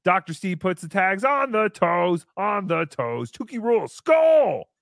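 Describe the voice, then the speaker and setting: A man hosting a casual live show, excitably chatting and reading out viewer messages. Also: high voice, unhurried, gravelly, dry recording, clean studio sound. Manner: excitable, reads out paid messages. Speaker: show host.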